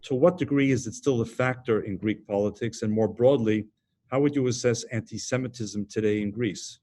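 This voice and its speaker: A man's voice: medium pitch, normal speed, mellow. A man interviewing a national leader over a video call, asking long, formally phrased questions in a composed manner.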